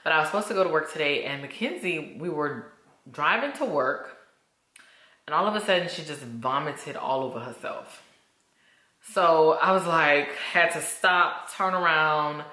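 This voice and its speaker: A woman's voice: low voice, pushed and bright, reverberant. A woman vlogging casually to camera at home, candid and chatty. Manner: chatty, candid, says y'all a lot. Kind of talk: casual vlog chat to camera.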